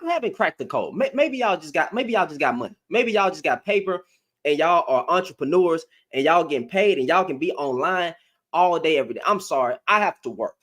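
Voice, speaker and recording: Recording at home on a webcam, a young man vlogs a reaction commentary as a rant, saying things over and over because he can't believe it. He sounds high, expressive, brisk, and a bit bright.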